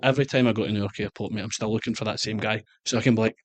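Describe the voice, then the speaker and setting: Rapid-fire and hardly pausing, a Scottish man in his thirties, a guest soccer coach, shares animated stories in a casual interview and mimics the voices of those he quotes. His voice is on the low side, with no room sound in the recording.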